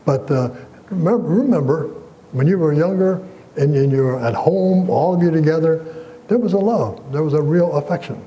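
A man's voice: on the high side, normal speed, warm tone, highs cut off. A man preaching a sermon as pastor, earnest and emphatic, quoting scripture and asking the congregation questions.

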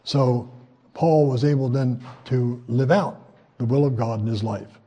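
Older preacher with a husky, mellow voice. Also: male voice, mid-range voice, measured pace, muffled recording. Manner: folksy, conversational, frequent hesitations; voice rises when quoting scripture. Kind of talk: sermon.

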